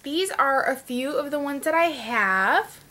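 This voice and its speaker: Young woman beauty vlogger, squeaky high voice, chatty and rambly, at home. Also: lively intonation, unhurried, bright, forceful tone. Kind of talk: casual chat, showing products.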